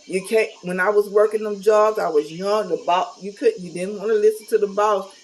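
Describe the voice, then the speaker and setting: A woman's voice: medium pitch, fairly even intonation, moderate pace, low-quality recording. A middle-aged woman talking casually to camera, candid and blunt, with a folksy, preachy manner. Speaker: vlogger.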